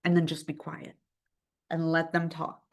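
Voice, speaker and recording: A woman's voice: low voice, unhurried. A woman leading a live real estate training class, talking casually and acting out phone calls with other agents. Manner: lively, conversational, acts out phone calls.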